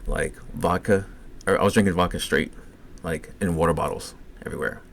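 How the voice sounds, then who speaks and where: A very deep-voiced Cajun man racing through a profane, meandering personal story. His words tumble out fast in casual podcast chatter. A faint hum of room ambience sits underneath. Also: gravelly. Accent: Cajun English. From Louisiana. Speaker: podcast co-host.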